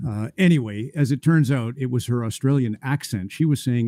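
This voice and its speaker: A middle-aged man, moderating a panel and telling relaxed anecdotes with many filler uhs. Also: medium pitch, brisk. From Canada. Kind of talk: casual storytelling.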